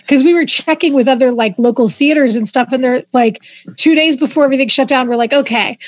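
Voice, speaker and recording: A woman comedian from Pittsburgh with a Pittsburgh accent, chatting casually as a podcast guest, laughing often and telling stories with quick restarts. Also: a little high, dry recording. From Pittsburgh, USA.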